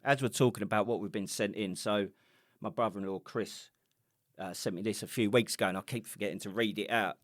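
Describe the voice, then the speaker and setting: Brief: middle-aged English man, lowish voice, rambling sweary podcast banter, dry close sound. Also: a little fast, no echo. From England. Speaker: podcast co-host. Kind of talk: casual chat.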